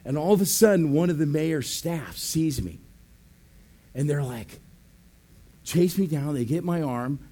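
A man's voice: a little high, a little slow, long pauses, mellow, slightly rough. A man preaching as a pastor, telling a story animatedly, acting out voices, laughing and calling out "amen". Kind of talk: sermon storytelling.

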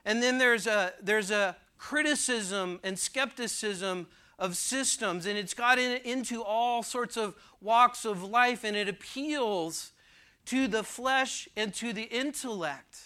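Man preaching a sermon, high bright voice, clear and smooth, emphatic with repeated phrases. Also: slow pace.

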